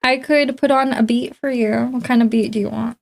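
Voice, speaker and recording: A woman's voice: fairly high pitch, steady tone, fairly quick, vocal fry. A woman streamer hosting a dating game on a live stream, teasing and giggly. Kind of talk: casual live stream chat.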